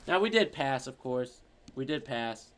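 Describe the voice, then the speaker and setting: A man streaming, chatting casually and reading out viewer comments in an animated, rambling, profane way. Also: mid-range voice, unhurried.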